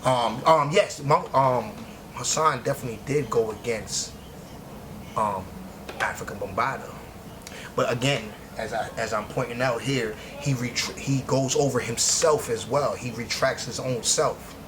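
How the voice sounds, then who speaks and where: A man with a New York accent giving casual spoken commentary, halting often with restarts and fillers. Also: medium pitch, background noise. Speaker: commentary host.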